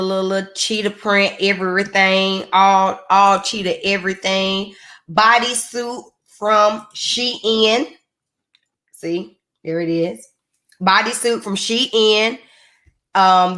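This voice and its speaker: A woman's voice: medium pitch, fairly bright tone. A woman hosting her own live stream, chatting casually and playfully with her viewers.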